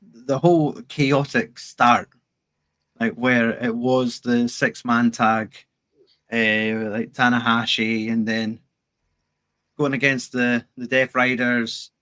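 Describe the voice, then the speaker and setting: A man co-hosting a podcast, easygoing and quick to agree in casual chat. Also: mid-range voice, little pitch movement, a bit bright. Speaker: podcast co-host.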